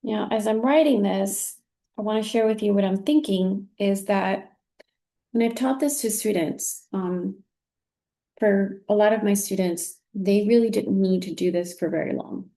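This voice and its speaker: Female teacher trainer, mellow and patient, encouraging classroom delivery. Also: medium pitch, a little slow. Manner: patient, encouraging, with frequent "very good". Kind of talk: recorded teaching demonstration.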